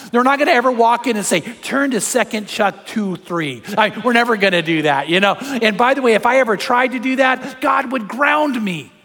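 A man's voice: extremely high pitch, animated, a little fast, few pauses, sharp tone. A middle-aged man preaching a sermon as pastor, telling stories, acting out the voices he quotes and slipping in jokes. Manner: storytelling, acts out quoted voices, jokey asides. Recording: hall reverb.

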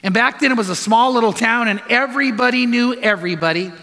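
A man preaching to a congregation, his voice high and bright. He tells stories and drives home his point with repeated earnest commands, and a long reverb trails every phrase through the hall. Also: fast talker. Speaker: pastor. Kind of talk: sermon.

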